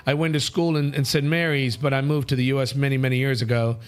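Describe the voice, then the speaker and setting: A man's voice: mid-range voice, little pitch movement, quick pace, clean tone. A man from India hosting a live talk show, blunt and joking, swearing now and then as he reads out viewer comments. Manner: blunt, brash, swears and jokes while reading comments. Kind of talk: casual live show chat. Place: studio.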